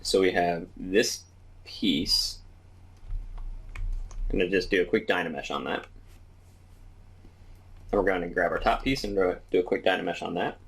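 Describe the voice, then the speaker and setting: A man teaching 3D modeling, calmly talking through each step as he works in a screen-recorded tutorial. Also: sits low, unhurried, gravelly, pauses often, slightly rough. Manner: relaxed step-by-step explaining while working. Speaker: 3D modeling instructor.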